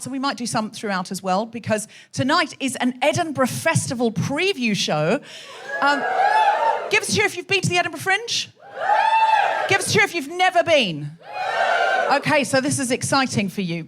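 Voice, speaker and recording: Brief: woman comic host, bright higher voice with a very animated pitch, teasing chatty crowd work on stage. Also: slight background noise. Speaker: comedy podcast host. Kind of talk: live stand-up hosting to an audience. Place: hot theatre stage with a live audience.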